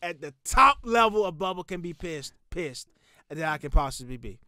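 A man in his thirties tells a story on a podcast, his voice pitched a little high and recorded dry and close. He talks with heat and swears freely, building the tale with animated energy. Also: moderate pace, no echo. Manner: profane, animated, heated storytelling. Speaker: podcast host telling a story. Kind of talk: casual storytelling.

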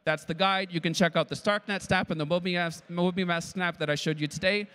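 High-voiced eager man presenting a demo. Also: steady tone, fairly quick, a bit bright, clear, resonant tone. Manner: eager, keeps checking in with the audience. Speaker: conference presenter. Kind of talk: tech conference talk with live demo.

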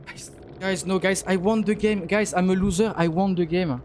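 A man's voice: sits high, normal speed, darkish tone, slight background noise. A man, streaming a game live and mockingly teasing his opponents.

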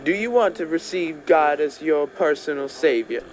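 A man voicing an elderly church woman who gently leads a young man through a prayer, slow and preacherly. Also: a little high, slight background noise, natural voice. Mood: tender pleading.

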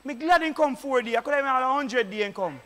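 A man with a Jamaican accent, a deacon preaching fervently at a church meeting, often shouting. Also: very high-pitched, animated, quick pace. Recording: echoey church hall.

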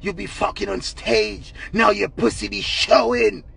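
A man voicing a jealous, angry boyfriend, snarling slow threats in a deep voice. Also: steady tone, vocal fry, fairly bright tone, husky, exaggerated voice. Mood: scolding.

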